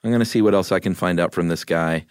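A man co-hosting a podcast in casual chat, relaxed as he tells the story and acts out quoted lines. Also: deep voice, fast, smooth, no room sound, studio quality. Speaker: podcast co-host.

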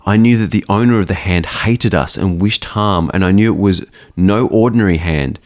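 A man's voice: low-pitched, moderate pace, a little mellow, lightly acted. A man voicing a frightened woman recounting a ghost encounter in a faintly Irish-sounding put-on accent, in a solemn, old-fashioned telling. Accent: faintly Irish-sounding put-on lilt.

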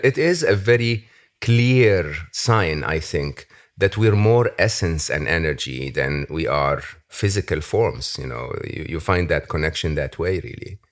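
A man hosting a podcast interview, talking in an earnest, reflective way and laughing easily. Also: low-pitched. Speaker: podcast host. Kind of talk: casual interview chat.

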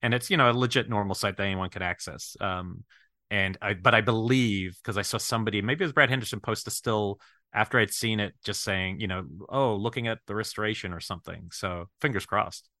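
A man co-hosting a podcast who rambles and thinks aloud in quick, casual chat. His voice is fairly low but bright and forceful. The recording is dry and close. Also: no room sound. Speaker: podcast co-host.

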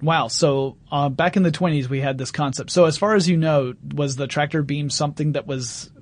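Man, podcast host, casual chat, higher pitch, laughs often. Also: fairly quick. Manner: steers the talk, laughs often.

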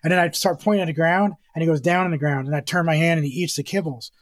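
Animated man, somewhat high voice. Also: rapid-fire, no room sound, studio quality. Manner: rambling, animated, acts out scenes. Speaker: guest, dog breeder. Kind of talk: casual interview chat.

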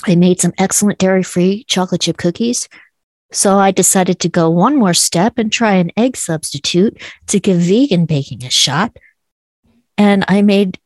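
A woman's voice: lowish voice, a little mellow, no echo. A middle-aged woman hosting her own podcast, speaking earnestly and enthusiastically, at times teary with emotion. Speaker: podcast host. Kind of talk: solo podcast monologue.

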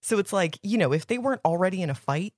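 A woman's voice: on the low side, expressive, fast talker, darkish tone, dry recording, clean studio sound. Chatty, opinionated woman podcast co-host. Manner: chatty, opinionated, heavy use of "like". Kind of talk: casual book discussion.

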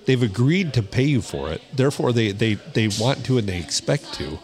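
A man's voice: mid-range voice, big pitch swings, moderate pace, darkish tone. Michigan guy on a podcast, blunt and matter-of-fact, just chatting, mid voice. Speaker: podcast co-host. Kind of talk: casual chat.

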